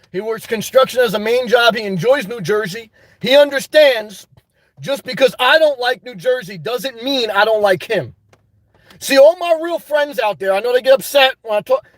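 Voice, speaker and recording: With a very high-pitched voice and no room sound, a livestream host rants forcefully about his life, worked up and sweating as he thanks his supporters by name.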